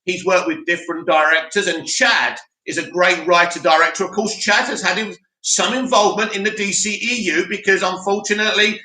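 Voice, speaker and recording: A man's voice: high voice, moderate pace, few pauses, pushed and bright, roomy sound, poor audio. A man hosting a casual live stream, chatting animatedly and reading viewer comments aloud. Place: home studio in Cyprus.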